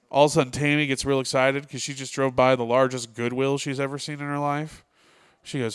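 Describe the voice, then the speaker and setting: A male comedian doing a stand-up set in a comedy club, telling deadpan stories and quoting the people in them. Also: medium pitch, fairly quick, clean tone.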